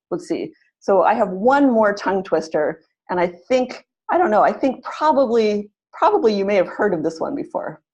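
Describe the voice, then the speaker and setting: A woman's voice: mid-range voice, darkish tone, dull audio. A woman leading an online pronunciation webinar, encouraging and often repeating her phrases as she runs drills. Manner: encouraging, leads drills and clapping exercises. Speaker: webinar facilitator, pronunciation teacher.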